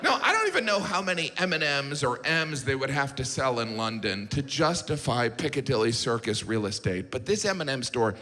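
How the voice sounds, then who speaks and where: A man's voice: medium pitch, big pitch swings, fairly quick, few pauses, sharp tone. A male stand-up comedian on a theater stage, with incredulous, mock-indignant delivery into a handheld mic. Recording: reverberant theater with crowd laughter.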